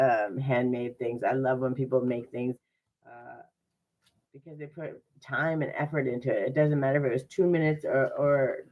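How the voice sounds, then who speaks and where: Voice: mid-range voice, darkish tone, dull audio. A horoscope reader in a casual live-stream reading, chatty and earnest, with sarcastic asides.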